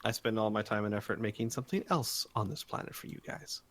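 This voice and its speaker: A man's voice: fairly low pitch, fast, a bit bright. A man narrating as game master in a casual tabletop game, hesitant and full of fillers.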